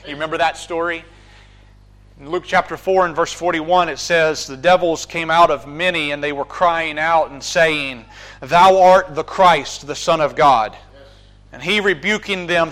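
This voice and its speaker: A man preaching a sermon, building from calm scripture reading to fervent proclamation. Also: fairly high pitch.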